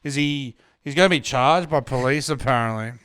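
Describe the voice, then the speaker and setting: A relaxed man chatting as a podcast co-host, trading jokes and rambling with easy fillers. His voice is smooth and resonant, recorded close and dry with no room sound. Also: mid-range voice, normal speed, no room sound. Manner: chatty, jokey, loose fillers. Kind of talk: casual chat.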